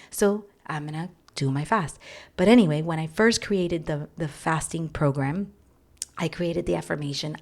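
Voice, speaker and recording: A woman hosting a personal podcast, speaking earnestly and repeating key phrases, sometimes softening almost to a whisper. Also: sits low, measured pace. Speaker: podcast host. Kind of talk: personal reflective podcast talk.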